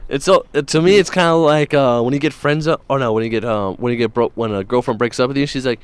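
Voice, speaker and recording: A man's voice: mid-range voice, fast talker, hardly any pauses, clear, resonant tone. A man hosting a morning show, telling news stories in a rambling, jokey way with plenty of fillers. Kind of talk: casual radio-style chat.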